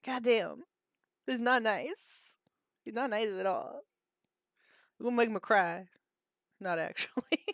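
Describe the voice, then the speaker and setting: A woman's voice: mid-range voice, measured pace, long pauses, no echo. A woman in her thirties hosting a livestream, chatting casually with viewers, laughing often and swearing freely as she reacts to chat. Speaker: livestream host.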